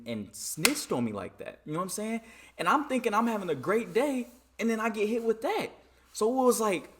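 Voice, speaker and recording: A man from Michigan telling a story in a casual vlog, animated and dramatic, often repeating "you know what I'm saying.". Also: fairly high pitch, normal speed. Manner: dramatic re-enacting of dialogue.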